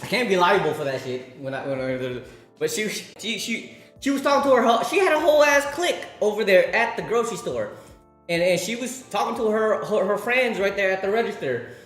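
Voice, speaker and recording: A man's voice: sits high, animated, brisk, a bit bright. A man streaming and chatting casually, rambling, swearing and laughing as he tells stories. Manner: rambling, profane, laughing storyteller. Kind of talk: casual livestream chat. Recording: roomy room with faint music.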